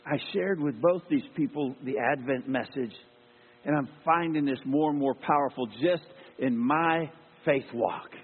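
Husky man telling a sermon story. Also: mid-range voice, unhurried. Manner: earnest storyteller, acts out quoted dialogue. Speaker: lay preacher. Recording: tinny phone-like sound with long hall reverb and mains hum.

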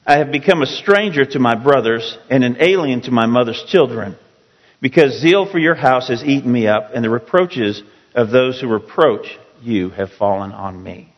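A man preaching a sermon, reading scripture slowly and rising to pleading emphasis. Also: mid-range voice, expressive, highs cut off. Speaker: pastor. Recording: long reverb of a large hall.

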